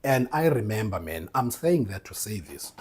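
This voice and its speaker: A man hosting a motivational faith podcast, talking to listeners as "bro" and "man" and bursting into loud laughter. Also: fairly low pitch, very animated, measured pace, breathy edge. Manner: tags lines with "bro", "man" and "right?". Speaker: podcast host.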